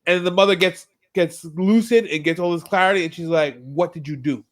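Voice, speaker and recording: A man's voice: fairly high pitch, fairly quick. A man co-hosting a podcast, animatedly retelling a TV episode in casual chat and acting out characters' lines. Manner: animated storytelling, acts out lines. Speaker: podcast co-host.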